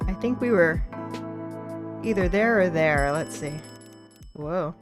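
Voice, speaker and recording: A woman's voice: lowish voice, animated, slow pace. A woman streaming from home in casual chat, thinking aloud as she sets things up. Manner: chatty, thinks aloud while setting things up. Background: faint lo-fi music.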